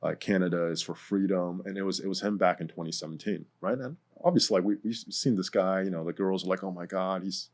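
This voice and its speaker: A man's voice: low voice, quick pace, few pauses. A man as a guest in a casual discussion, rambling and hesitant, full of fillers like "like" and "right".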